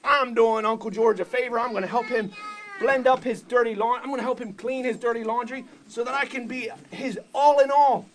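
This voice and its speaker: A man's voice: high voice, lively intonation, a little fast, vocal fry, sharp tone, heavily acted. A man voicing an eager, foolish male kitchen blender in a church story.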